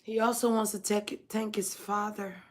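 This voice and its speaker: A woman doing a channeled spiritual reading, halting and emotional as she searches for words. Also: medium pitch, level tone. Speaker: spiritual reader.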